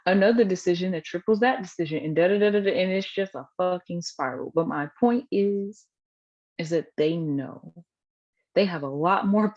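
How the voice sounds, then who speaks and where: A woman's voice: medium pitch, a little mellow. A woman giving a casual spiritual teaching talk, blunt, profane and affectionate toward her listeners. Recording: dull lo-fi sound.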